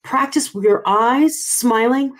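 A woman voice coach giving advice on a casual video call, talking in an animated, expressive way. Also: fairly high pitch, slow pace. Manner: animated, expressive, by her own account. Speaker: voice and speaking coach.

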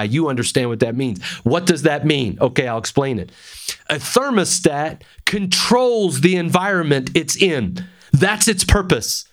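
A middle-aged male pastor preaching a sermon to young men at a camp, emphatic and repeating phrases for stress. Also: fairly high pitch.

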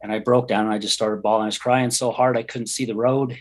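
A man's voice: medium pitch, flat delivery, quick pace. A middle-aged man telling his personal story as a podcast guest, earnest, heartfelt and candid. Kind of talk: personal testimony in an interview.

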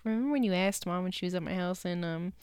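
A young married woman co-hosting a casual chat, talking freely and often dropping to a quiet aside. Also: on the low side, fast talker, clean tone, no room sound, studio quality. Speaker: podcast co-host.

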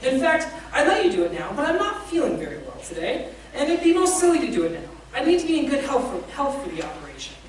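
A woman's voice: high-pitched, wildly swooping pitch, fast talker, slight background noise, voice pushed up. A woman voicing a fussy, cowardly male ghost who pleads and makes excuses, read aloud in a sermon. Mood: fretful. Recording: echoey room, distant mic.

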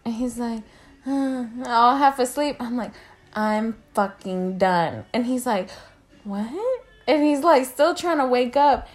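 A young woman co-hosting a podcast, telling a story in casual, profane chat and acting out the quotes loudly. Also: sits high, steady tone, normal speed. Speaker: podcast co-host.

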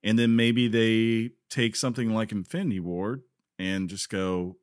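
Male co-host, lowish voice, dry close mic, casual gaming news chat. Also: fairly even intonation, a little slow, clean tone, dry recording. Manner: joking, reads news items aloud with quotes. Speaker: podcast co-host.

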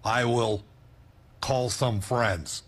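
A man's voice: mid-range voice, fairly even intonation, very slow. An actor playing a brash, threatening cartoon tough guy with a mock Italian-American gangster accent. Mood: gruff. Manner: shouting, aggressive, broken phrasing. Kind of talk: cartoon voice acting.

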